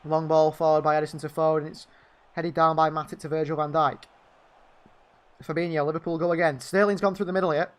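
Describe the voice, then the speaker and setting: A man's voice: on the high side, level tone, a little fast, smooth. A man giving partisan live fan commentary on a football match, calling the play and venting at the referee. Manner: partisan, indignant outbursts at the referee.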